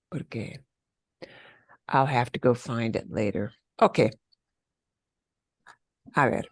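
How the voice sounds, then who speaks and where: A middle-aged woman teaching a beginner Spanish class, upbeat and encouraging, modeling phrases slowly so students can repeat them. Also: extremely low pitch, no echo, studio quality. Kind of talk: online beginner language class.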